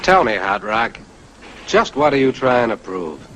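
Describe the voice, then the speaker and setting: A man's voice: medium pitch, sing-song, measured pace, a bit bright, slight background noise, rough recording. An actor playing a tough, seasoned Marine sergeant who instructs his men with firm, barking commands, in the style of 1950s war film acting. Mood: commanding.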